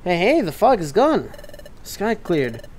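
A gamer voicing a brash, excitable crab creature that keeps repeating "hey, hey.". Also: medium pitch, takes it slowly, slight background noise. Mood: excited.

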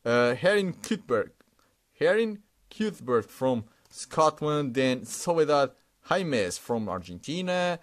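A man's voice: on the high side, big pitch swings. Man narrating a sticker unboxing. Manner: halting, repeats words, stumbles over names, chuckles. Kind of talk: casual unboxing commentary.

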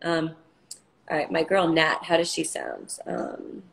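A woman's voice: low-pitched, fairly even intonation, a little slow, vocal fry, slight background noise, poor audio. A woman, a singer hosting her own livestream, chatting casually and playfully between songs, swearing and laughing easily.

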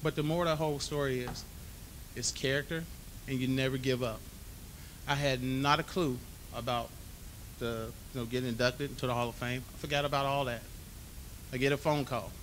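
A man delivers a hall of fame acceptance speech, telling his stories with lively acted-out dialogue. His voice is bright and forceful. A faint low rumble sits behind him. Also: moderate pace, long pauses. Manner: animated storyteller acting out dialogue. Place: banquet hall.

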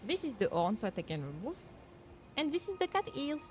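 Streaming a game, a young woman with a French accent chats loosely to her audience, giggling and voicing her reactions. She speaks briskly in a high-pitched voice that swings widely in pitch.

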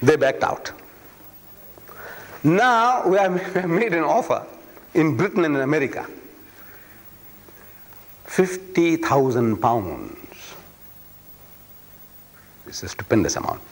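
A man's voice: fairly high pitch, wildly swooping pitch, takes it slowly, vocal fry, pauses often. Emphatic man lecturing in hall. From South Africa. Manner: emphatic, rhetorical, repeats phrases for effect. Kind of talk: public lecture. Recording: long reverb of a lecture hall.

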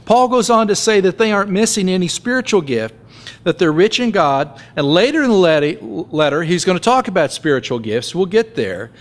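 A man's voice: high-pitched, expressive, a little fast. A man pastor giving a conversational sermon, joking and acting out little scenes as he preaches.

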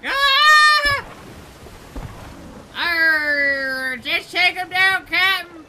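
A rowdy male pirate deckhand growls pirate cries mid-battle in a video game, played by a man in a put-on voice. The voice is high and very bright, swinging widely in pitch. A faint hiss sits behind it. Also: expressive, extremely slow, heavily acted, rough recording.

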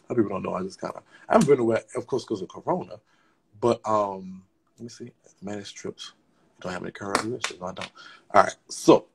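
Raspy, gravelly man gossiping sassily. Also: lowish voice, darkish tone. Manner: sassy, profane, chatty. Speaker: livestream host. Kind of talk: casual gossip livestream.

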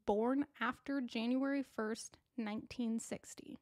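A woman's voice: fairly high pitch, steady tone, unhurried, darkish tone, dry recording. Female true crime podcast host, casual and talkative, dry close sound. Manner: chatty and casual, with asides to listeners.

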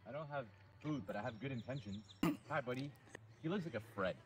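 A man hosting a casual outdoor live stream by a lake, joking and rambling in an animated way. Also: mid-range voice, brisk.

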